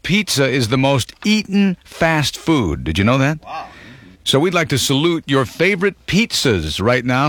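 A man's voice: fairly high pitch, fairly bright tone, dry recording. A man hosting a radio countdown show, chatting playfully with callers and tossing in jokes. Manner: playful, chatty, joking asides. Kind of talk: upbeat radio hosting with phone calls.

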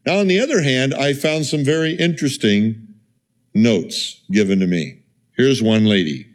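A man's voice: mid-range voice, moderate pace. Man preaching a conversational sermon. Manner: conversational preaching with rhetorical questions and asides. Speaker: pastor.

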